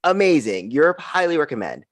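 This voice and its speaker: A man's voice: a little high, a little fast, no echo. A young man performs stand-up comedy into a video-call mic, his voice leaping all over the place as he drives toward each punchline. He sounds close and dry, with no room around him. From United States. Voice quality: animated, punchy delivery with frequent laughs. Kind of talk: stand-up set on a live stream.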